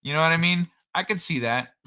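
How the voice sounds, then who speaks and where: Bright-voiced man in profane banter. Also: on the high side, brisk, smooth. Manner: loose, profane, rambling banter. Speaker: streamer host. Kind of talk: casual live-stream chat.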